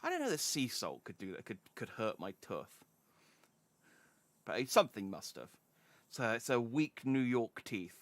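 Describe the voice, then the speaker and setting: A man's voice: medium pitch, huge pitch swings, normal speed, pauses often, no echo. A young man chatting casually and joking while playing a game on a stream. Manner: chatty, jokey. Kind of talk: casual gameplay commentary.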